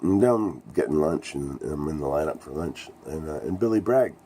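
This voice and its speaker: A middle-aged man with an extremely low, dark, mellow voice tells a band story in a casual vlog. He rambles, swears often and sounds thrilled by what happened. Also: expressive, normal speed, slight background noise. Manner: rambling, profane, enthusiastic storyteller. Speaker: musician telling a band story.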